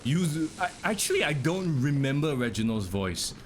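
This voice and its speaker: A man's voice: fairly high pitch, very animated, normal speed. Young male streamer, casual running commentary, faint background noise. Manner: chatty, talks to chat, reacts to the game. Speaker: game streamer.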